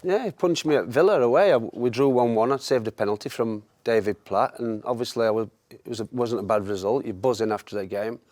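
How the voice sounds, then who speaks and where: A man's voice: medium pitch, a little fast, hardly any pauses, a little mellow, no room sound. A man, a former goalkeeper, telling football stories with frequent laughter. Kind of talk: anecdotal storytelling.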